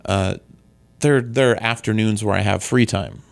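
A man's voice: lowish voice, normal speed, creaky, no echo. A man co-hosting a casual movie podcast, chatting upbeat and rambling, often losing track of names.

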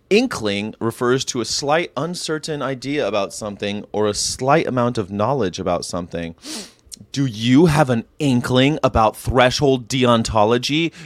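A man's voice: mid-range voice, a bit bright, no room sound. Rambling, jokey man hosting a vlog. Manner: rambling, jokey, quick to laugh. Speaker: host. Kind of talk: casual daily vlog monologue.

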